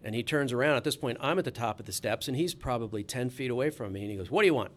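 A man's voice: medium pitch, fast talker. A man, a sports reporter, telling a casual anecdote in a chatty, easygoing way with frequent restarts.

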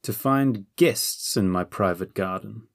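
A man voicing a cold, menacing masked sorcerer lord in an audiobook, with icy, drawn-out threats. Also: fairly low pitch.

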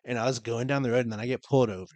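A young man in casual podcast chat, telling a story and acting out the people in it, swearing freely. His voice sits at a middle pitch. The sound is dry and close. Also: steady tone, rapid-fire, darkish tone, no room sound. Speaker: podcast co-host.

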